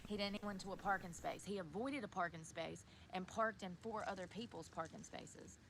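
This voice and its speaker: A woman's voice: medium pitch, brisk, a bit bright. A woman talking to viewers on an outdoor livestream in a park, indignant and swearing a lot. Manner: indignant, profane, talks to viewers.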